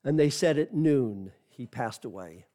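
Earnest, slow-talking missionary preacher man. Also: mid-range voice, animated, warm tone. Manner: earnest, repeats phrases for emphasis. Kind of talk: sermon with storytelling.

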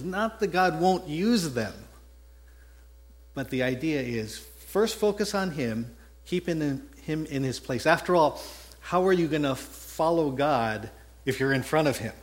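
A Texan-accented pastor delivers a conversational sermon that blends scripture with a personal story, often correcting himself mid-sentence and chuckling at his own tales. His voice is medium-pitched and expressive, a little slow.

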